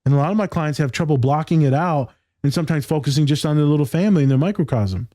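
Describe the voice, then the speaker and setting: A man hosts a casual podcast in a warm, mellow voice recorded close and dry. He speaks with emphasis and street slang, dropping "my guy" and the odd curse word. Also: a little high, quick pace, dry recording. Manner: emphatic and slangy, says "my guy", swears freely. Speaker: podcast host.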